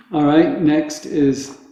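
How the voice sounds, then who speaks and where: A man teaching a group how to pronounce words, slowly and patiently, repeating each word for them to echo back. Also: fairly high pitch, mellow. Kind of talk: teaching Sanskrit pronunciation to a group. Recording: very echoey room.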